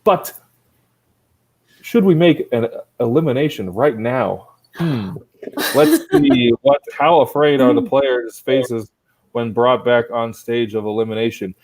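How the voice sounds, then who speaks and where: A man emcees an improv contest from home, talking into a laptop mic on a video call. His speech meanders and pokes fun at himself. He hands out judgments with playful mock sternness, and his pitch sits in an ordinary middle range. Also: measured pace, darkish tone, poor audio. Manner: rambling and self-mocking, with playful mock-strict judging. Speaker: improv show host and judge. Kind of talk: casual comedic emceeing.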